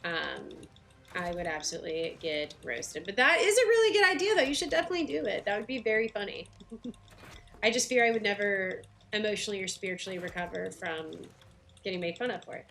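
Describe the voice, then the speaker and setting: A woman's voice: mid-range voice, very animated, fairly quick, creaky, a bit bright. A woman with a light Southern US accent streaming a game, chatting casually with viewers and laughing often. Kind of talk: casual livestream chat while playing.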